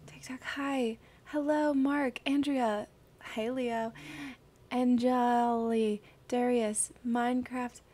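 Young female streamer, slightly high voice, bubbly and gushing, casual livestream chat greeting viewers. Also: steady tone, slow pace, warm tone. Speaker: streamer solving crosswords.

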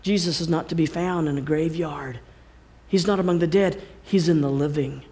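A woman speaker delivering a storytelling sermon in church, swinging between exclamations and hushed tones. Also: sits low, moderate pace. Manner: dramatic, exclamatory preaching with sudden drops to hushed tones. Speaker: guest speaker.

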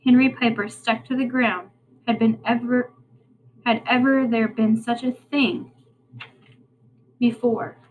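A woman reading a children's novel aloud in a steady, plain storytelling way. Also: a little high, slow pace, long pauses, narrow, tinny audio, slight background noise. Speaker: reader.

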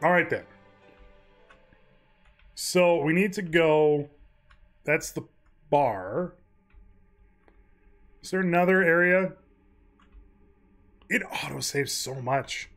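A man's voice: a little high, takes it slowly, pauses often, fairly bright tone. A man streaming a game, giving joking, crude commentary and laughing at the dialogue. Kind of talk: casual let's play commentary.

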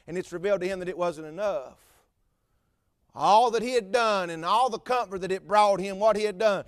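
A man's voice: high-pitched, fairly quick, no echo, studio quality. A man preaching a fervent sermon with repetitive phrasing and stammered fillers.

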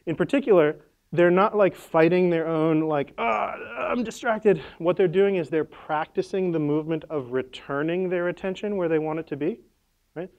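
A man's voice: on the high side, moderate pace, darkish tone, clean tone. A man presenting at a conference workshop, casual and playful, with lots of "like" and "right?" and the odd sound effect.

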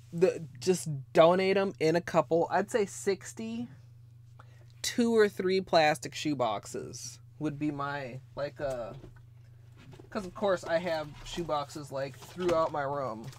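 A woman's voice: deep voice, slow. A woman hosting a casual nail polish livestream from her bedroom, rambling chattily with lots of fillers as she answers viewers' chat. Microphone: desk mic, moves away from it at times.

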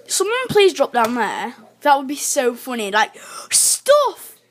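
A woman giving chatty live commentary while playing a video game, talking to herself with excitable outbursts. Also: fairly high pitch, normal speed. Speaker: gamer.

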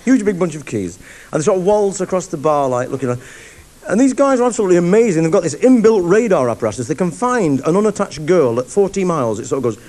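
A man's voice: high-pitched, animated, quick pace, darkish tone, slight background noise. A man doing live stand-up comedy on stage, telling a rambling, mocking story to an audience.

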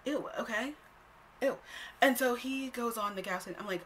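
A young woman telling a story on her own vlog in a casual, animated way, blunt and quick to swear. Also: a little high, slight background noise. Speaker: storytime host.

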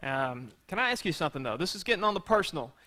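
A pastor delivers a sermon in an easy, conversational way and keeps asking the congregation rhetorical questions. His voice is bright and forceful and sits a little high. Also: very animated, fast talker.

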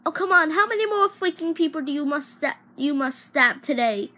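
A woman's voice: sits high, animated, normal speed, bright, forceful tone, pitched above the performer's own voice. A woman playing a cruel knife-happy villain boss. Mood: mocking. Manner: menacing, mocking threats. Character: cruel stabbing villain boss, threatening and bossy.

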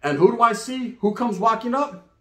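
A man's voice: extremely high pitch, expressive, moderate pace, bright, forceful tone, reverberant. A middle-aged man from California with a Chicano English accent, telling a profane comedic story in street slang and speaking straight to his listeners. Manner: streetwise slang, acts out other voices, addresses listeners directly. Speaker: storyteller host.

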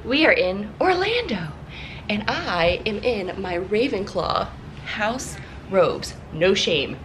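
A chatty young woman hosting a casual travel vlog, excitable and quick to laugh. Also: mid-range voice, background noise. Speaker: vlogger. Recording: music playing under the voice.

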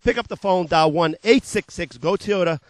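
Upbeat, high-voiced New car salesman. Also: normal speed, dry recording. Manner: upbeat, repetitive sales patter, jokes about his own slips. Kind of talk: local TV car sales pitch.

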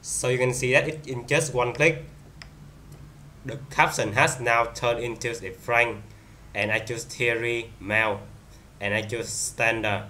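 Bright-voiced man demoing software haltingly. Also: mid-range voice, fairly even intonation, a little hiss or hum. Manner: halting, many fillers and restarts. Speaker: software reviewer. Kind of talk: screen-recorded software demo.

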